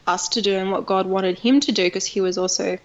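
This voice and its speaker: A woman guest from Australia, a singer telling her story in an interview, animated and laughing often. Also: mid-range voice, brisk, highs cut off. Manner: animated, laughs often, acts out quoted voices.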